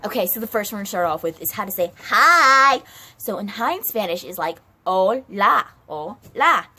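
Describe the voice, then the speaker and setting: Woman as a bossy classroom teacher, lively intonation. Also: mid-range voice, fairly quick. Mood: instructive. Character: bossy female Spanish teacher.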